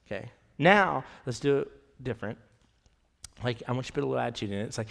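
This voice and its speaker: A man's voice: mid-range voice, expressive, rapid-fire, vocal fry, big-room sound. A man preaching a conversational sermon as pastor, often dropping to a near whisper for emphasis. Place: church sanctuary.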